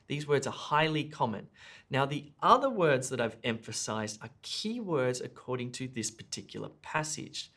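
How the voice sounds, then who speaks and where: A man's voice: mid-range voice, fairly bright tone. Man teaching a speaking lesson. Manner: clear, deliberate, stresses key words. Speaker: English test tutor. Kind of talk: explanatory lesson.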